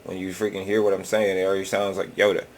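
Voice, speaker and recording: A man's voice: low-pitched, little pitch movement, quick pace. A man hosting a reaction video, rambling casually and swearing often in a laid-back drawl.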